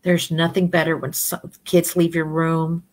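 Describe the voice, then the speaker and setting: A middle-aged woman educator speaking as an interview guest, animated and often acting out the voices of people she quotes. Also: sits low, a little slow. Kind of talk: conversational interview.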